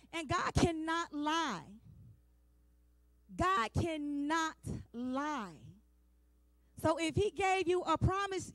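A woman in her forties delivers a sermon with fervent, emphatic repetition, speaking in a plain, down-to-earth way straight to her listeners. Her voice sits high, and the sound is close and dry with no room around it. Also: no room sound. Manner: passionate, emphatic preaching with repeated refrains; colloquial, talks straight to the congregation. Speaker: women's day speaker.

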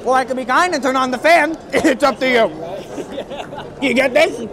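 A man's voice: extremely high pitch, moderate pace. A young man with a New York accent, joking and laughing through a casual vlog at a busy restaurant. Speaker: challenge contestant. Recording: loud crowd chatter behind.

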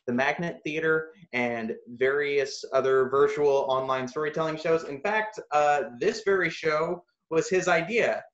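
A man's voice: mid-range voice, a bit bright. A man hosting a streamed storytelling show and introducing the next storyteller with dry teasing humor. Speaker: host. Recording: roomy, dull sound.

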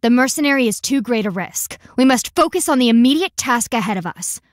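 A woman's voice: a little high, animated, a little fast, dry recording, studio quality, natural voice. A woman voicing a stern, distrustful warrior woman. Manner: formal, clipped, severe. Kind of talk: video game voice acting.

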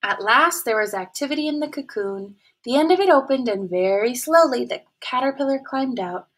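A woman reading a picture book aloud to children in an animated way, often pausing to ask them questions. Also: sits high.

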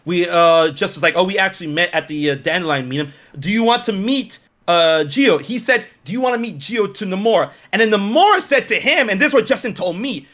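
Bright, high-pitched man telling a story. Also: brisk, hardly any pauses. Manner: animated, acts out other people's lines in quotes, many fillers. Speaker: streamer and content creator. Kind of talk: casual storytelling.

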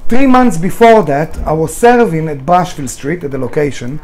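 A man's voice: on the high side, big pitch swings, normal speed, darkish tone. A middle-aged man, a restaurant owner telling his story with passion, emphatic and swearing freely, in English. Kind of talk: storytelling in a conversation.

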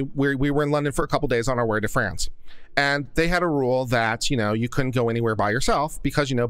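A geeky male host of a live stream talks loosely through viewer questions, wandering off into side stories. His voice sits at an ordinary middle pitch and sounds close and dry. When a topic excites him, he projects and gets louder. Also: clean tone, dry recording. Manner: self-described geek, rambling and chatty. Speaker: law commentary host.

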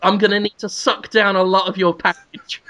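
A young man with a bright, forceful voice, spinning a crude comic bit on a podcast. He giggles as he talks and throws himself into the joke. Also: sits high, flat delivery, normal speed. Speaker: podcast co-host. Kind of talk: comic riffing.

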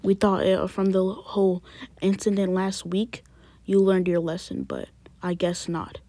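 In a one-person family skit, a woman voices a stern, worried father scolding his teenage son in hushed late-night whispers. Her voice is lowish, expressive, and a little slow, with a scolding mood.

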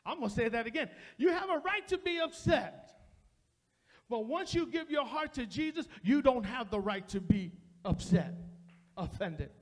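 A man's voice: very high-pitched, animated, normal speed. A male pastor preaching a sermon in a church, speaking straight to the congregation in a repetitive preaching cadence. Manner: addresses the congregation directly. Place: church sanctuary.

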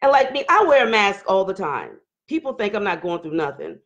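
A hoarse woman hosting a casual livestream, talking loud and candid while she reads viewer comments. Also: mid-range voice, big pitch swings, brisk. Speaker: livestream host. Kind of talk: casual live chat reading viewer comments.

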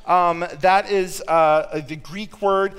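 A man delivers a sermon in a church, his voice sitting high and ringing out clean and smooth. He tells stories in a conversational, self-deprecating way, dropping in quick asides to the congregation. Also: steady tone, fairly bright tone. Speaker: pastor.

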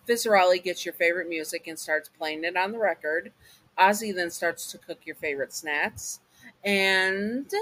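A man reading a fan fiction comfort story aloud in a casual way, halting often to restart and apologize. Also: a little high, pushed and bright, low-quality recording.

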